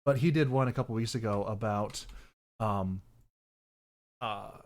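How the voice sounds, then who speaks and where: Hosting a casual podcast chat on stream, a young man speaks in an unhurried voice on the low side. His talk rambles with frequent mid-sentence corrections and sudden loud mock voices.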